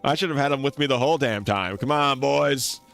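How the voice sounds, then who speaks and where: A man streaming a game, commenting in an excitable, joking way with swearing and laughter. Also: medium pitch, fairly quick, creaky, soft background music. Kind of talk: let's-play commentary.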